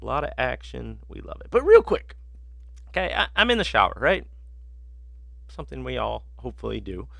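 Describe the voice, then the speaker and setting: A man's voice: mid-range voice, wildly swooping pitch, brisk, creaky, pauses often, sharp tone, no echo. A man hosting a sports betting podcast, telling rambling, profane stories in casual chat with lots of fillers.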